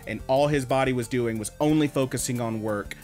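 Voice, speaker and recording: A man co-hosting an anime podcast, telling stories in an animated, swearing, casual way. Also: medium pitch, fairly quick, faint music behind. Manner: animated storyteller, swears a lot. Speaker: podcast co-host. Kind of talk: casual chat.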